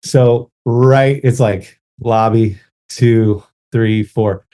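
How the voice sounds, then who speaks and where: A man co-hosting a podcast, telling a story in a casual, animated way and acting out the people in it. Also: medium pitch, very slow. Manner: animated storyteller, acts out quoted voices. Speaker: podcast co-host.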